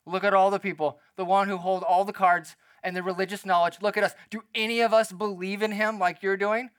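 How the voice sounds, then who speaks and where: Haughty, sneering male religious leaders who scoff at anyone who disagrees, as a preacher puts them on. The voice sits high and bright, with a mocking, superior edge. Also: level tone, fairly quick. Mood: scornful.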